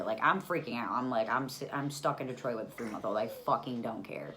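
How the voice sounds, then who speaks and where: A young woman from the Buffalo area with a low voice tells a storytime in casual, profane bursts that flare into loud outbursts. There is faint ambient noise behind her. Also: lively intonation, fast talker, few pauses. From Buffalo area, New York. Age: young adult. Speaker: vlogger telling a story.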